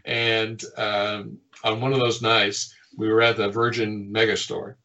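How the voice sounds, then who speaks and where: A middle-aged man, a game designer, telling stories from his past work in a lively way, often chuckling and acting out what people said. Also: lowish voice, a little slow, lo-fi sound. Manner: lively storyteller who chuckles often and acts out quotes. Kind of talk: reminiscing anecdotes in an interview.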